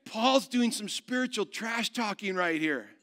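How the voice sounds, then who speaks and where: A man pastor preaching a sermon, going from loud proclamation to soft, hushed storytelling. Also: sits high, expressive, measured pace. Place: church.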